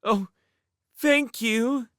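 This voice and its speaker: A man voicing Charmaine, an earnest, excitable young woman in a storybook reading, pitched up high. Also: drawn-out words, no echo, studio quality, full character voice. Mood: eager.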